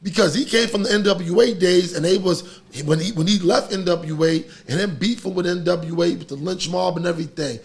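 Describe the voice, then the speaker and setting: A man's voice: high voice, fairly quick, vocal fry, few pauses. A middle-aged man, hosting a podcast in casual, heated chat and ranting animatedly. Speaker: podcast host.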